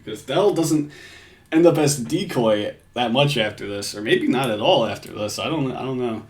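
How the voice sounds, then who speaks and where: A man giving crude, casual reaction commentary from home, swearing and laughing often. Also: mid-range voice.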